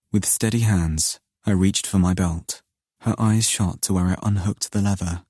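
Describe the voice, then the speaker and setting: A man narrating an audiobook in first person, in a slow, low, intimate and brooding manner. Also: warm tone, slightly rough, dry recording, studio quality.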